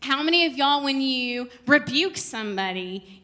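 A young woman leads a Bible study in a relaxed, conversational way, her high voice bright and clear at a moderate pace. She's lively and chatty, talking to the group like friends and often adding laughing asides.

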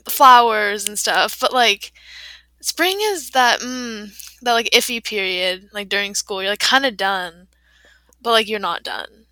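A woman's voice: mid-range voice, unhurried, sharp tone, no echo. A teenage girl co-hosting a podcast, talking casually and chattily with lots of "like" and frequent laughter. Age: teens. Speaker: podcast co-host. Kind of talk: casual chat.

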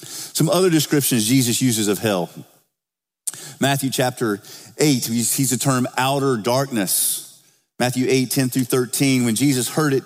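Male pastor, mid-pitched, conversational sermon, lifts up for scripture readings, long church reverb. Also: a little slow. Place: church sanctuary.

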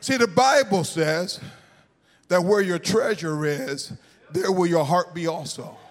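A male pastor preaching a sermon live in a church, chanting in a sing-song way that climbs into shouts. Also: high voice, unhurried. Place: church sanctuary. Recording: live church hall with reverb and faint music.

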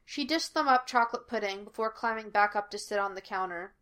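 A woman reading a fan fiction story aloud in a steady narrating voice. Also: medium pitch, a little fast, smooth. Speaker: podfic reader.

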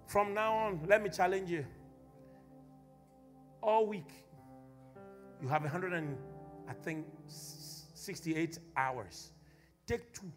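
A man with a high-pitched voice preaches fervently to his congregation as their pastor. His sermon swings between hushed reflection and loud, shouted calls to the faithful, with soft music faintly underneath. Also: takes it slowly, pauses often. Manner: impassioned preacher who builds to shouted exhortation. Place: church.

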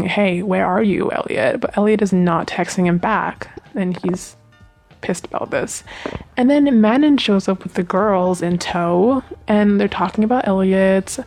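A woman's voice: mid-range voice, vocal fry, a little mellow. Chatty young woman rambling on a podcast. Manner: chatty and rambling, with many fillers and gushing asides. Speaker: podcast host recapping a TV series. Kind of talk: casual chat. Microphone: home podcast mic.

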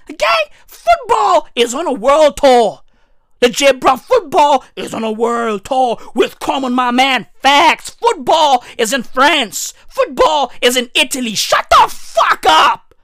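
Young South African woman, shouty profane comic rant, high voice leaping all over, slow and dry. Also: sing-song, no echo. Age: young adult. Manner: loud, profane, emphatic, often shouting. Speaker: comedian. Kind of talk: comedic rant.

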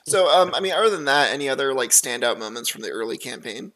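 A man hosting a casual podcast, easygoing and quick to laugh as he asks his guest questions. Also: medium pitch, lively intonation, sharp tone. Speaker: podcast host and game master.

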